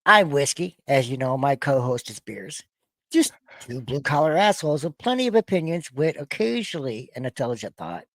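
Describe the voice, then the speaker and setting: A blunt, foul-mouthed middle-aged man hosts a loose reaction show, rambling and doubling back on his words. His voice sits at an ordinary middle pitch. The sound is dry and close, with no room behind it. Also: very animated, moderate pace, no echo. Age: 40s to 50s. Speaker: podcast host. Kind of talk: casual reaction-show banter.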